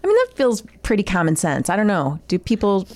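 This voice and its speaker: A woman co-hosting a casual comedic podcast, reading out tips and joking, with frequent laughs and quick restarts. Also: medium pitch. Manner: animated, laughs often, talks in quick restarts. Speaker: podcast co-host.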